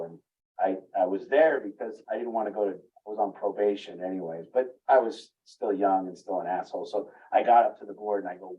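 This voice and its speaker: A man telling a rambling, candid story in a group talk, laughing at himself now and then. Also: lowish voice. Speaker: group speaker. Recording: muffled, distant room recording.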